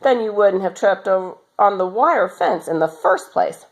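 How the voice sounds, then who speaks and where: A woman voicing a gentle, worried young girl who speaks in a pleading, distressed way in a storybook reading. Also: mid-range voice, animated, normal speed, close to an everyday voice, rough recording. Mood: upset.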